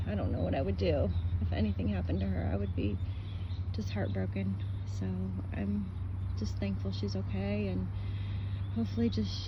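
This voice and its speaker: Mellow-voiced woman rambling emotionally. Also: medium pitch, muffled recording, slight background noise. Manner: rambling, emotional storytelling with many fillers. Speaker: vlogger. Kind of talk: casual chat.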